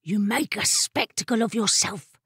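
A hissing female dragon with a prim, sharp tongue, put on by a woman narrating. She speaks up high and a touch louder, in a crisp storybook reading. The sound is dry and close. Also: big pitch swings, a little slow, dry recording. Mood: scolding. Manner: hissing, reproachful.

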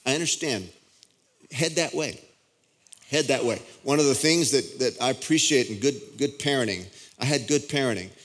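A man's voice: medium pitch, moderate pace. A male pastor preaching a sermon in a conversational way, often restarting his sentences. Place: church auditorium.

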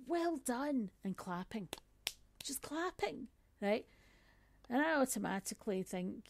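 Woman speaker, low-key gravelly storyteller, chatty with lots of asides, dry recording. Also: a little mellow, dry recording. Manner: conversational, frequent "right?" and "um" asides. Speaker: speaker on workplace bias. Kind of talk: personal storytelling talk.

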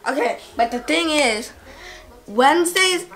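Young daughter, rambling excited chat, high-pitched. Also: female voice, unhurried. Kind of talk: casual chat.

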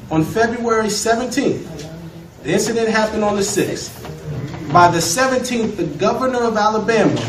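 A man lectures a law class with emphasis, firing questions at the room. His fairly high voice is caught from a distance in an echoey classroom, with clear background noise under it. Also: a bit bright. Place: college classroom. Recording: echoey room from far off, noisy.

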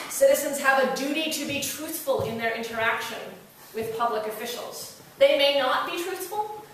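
A woman law professor tells a story during a public lecture, chatty and wry, with fillers and restarts. Her fairly high voice comes from a distance in a very echoey hall. Faint noise sits underneath. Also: fairly bright tone.

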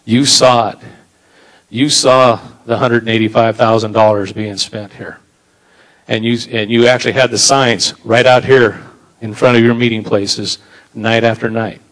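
A man's voice: medium pitch, fairly even intonation, a little slow, a bit bright, poor audio. Male candidate, assertive closing statement, mid-range voice. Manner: firm and assertive. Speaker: political candidate.

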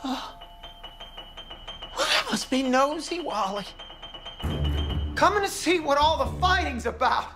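A woman playing a brash, abrasive young woman who talks in a shouty, combative way. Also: high voice, sing-song, slow pace, long pauses, over music, exaggerated voice. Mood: riled. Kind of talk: comedy sketch acting.

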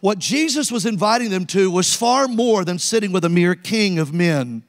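A man's voice: sits high, expressive, normal speed, long reverb tail. A man, preaching a sermon as an evangelist and telling stories while calling out to the congregation. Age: 60s. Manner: storytelling preacher, calls to the congregation. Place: church sanctuary.

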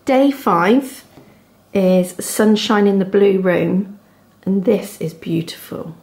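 Devon woman, thirties, chatty knitting vlogger at home; unhurried delivery with some vocal fry. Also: mid-range voice. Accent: Devon English. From England. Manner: chatty, gushing over yarn, soft asides. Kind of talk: casual chat to camera. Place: home, indoors.

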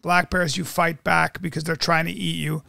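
A man's voice: on the high side, level tone, moderate pace, creaky, pushed and bright, no room sound, clean studio sound. A man hosting a podcast, chatting casually with enthusiastic, profane reactions. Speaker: podcast host. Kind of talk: casual chat.

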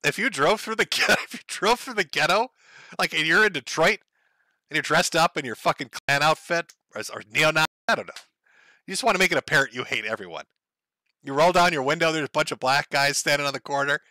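A man's voice: a little high, a little fast, bright, forceful tone, dry recording. A man hosting a casual livestream, reading chat aloud and joking crudely, often breaking into laughter.

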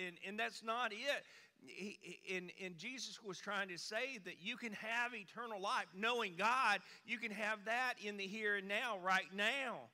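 A man's voice: normal speed, long reverb tail. A man preaching a sermon, a folksy storyteller who swings his voice up and down for emphasis. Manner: folksy storyteller, animated swings in pitch and volume. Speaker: pastor. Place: church sanctuary.

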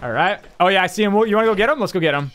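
A man streaming a game, chatting casually and making quick friendly callouts on a headset, over game gunfire. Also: high voice, lively intonation, noisy background. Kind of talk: live gameplay chat. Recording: game gunfire under voice chat.

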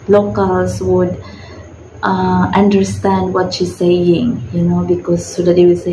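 Filipina woman, filipino accent, slow unhurried talk, echoey room, noisy background. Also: fairly low pitch, completely flat delivery, warm tone. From Philippines. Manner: rambling, many fillers and restarts. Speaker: vlogger. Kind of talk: casual advice vlog.

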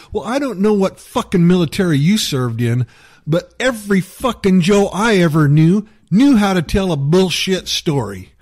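A man rants furiously into the camera, his voice pitched a little high and swinging wildly up and down. He swears constantly and spits out mockery with heated scorn. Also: a little mellow. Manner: heated, profane, mocking. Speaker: YouTube commentator. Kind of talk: angry rant.

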